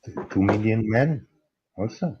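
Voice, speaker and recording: A man in an online debate, speaking haltingly and thinking aloud as he makes his point. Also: lowish voice, lively intonation, dull audio, noisy background. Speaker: debate panelist.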